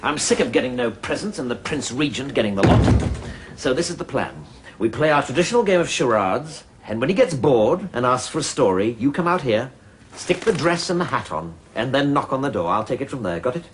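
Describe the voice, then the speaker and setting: A man's voice: medium pitch, a little fast, a little hiss or hum, close to an everyday voice. A man playing a sneering, scheming butler. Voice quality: dry, sneering, deadpan. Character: sardonic, scheming male butler. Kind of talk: 1980s TV sitcom acting.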